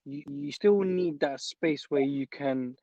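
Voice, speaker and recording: Young man, earnest, stumbles and repeats as he thinks, slightly high voice, muffled audio. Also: slow pace, mellow, dry recording. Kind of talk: casual chat. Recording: dull dry audio.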